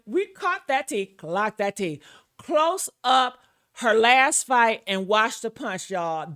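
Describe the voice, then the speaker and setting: A woman's voice: sits high, sharp tone. A woman ranting in a sassy, brash and profane gossip commentary, calling her listeners y'all and honey.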